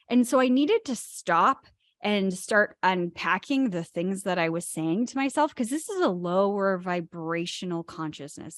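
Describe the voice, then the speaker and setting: A woman's voice: mid-range voice, a bit bright, dry recording, studio quality. A woman co-hosting a spiritual talk show, stressing key words as she explains ideas. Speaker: podcast co-host.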